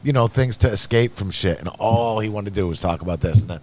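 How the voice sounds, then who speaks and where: A man's voice: on the low side, fast, background noise. A man from Massachusetts with a Massachusetts accent, hosting a casual podcast chat in a rambling, profane, easygoing way. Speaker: podcast host.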